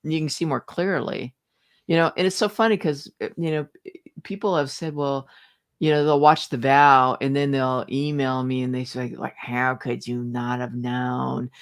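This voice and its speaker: A woman's voice: low voice, fairly even intonation, moderate pace. A woman being interviewed, speaking bluntly and with sarcasm. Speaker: interview guest. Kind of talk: casual interview chat.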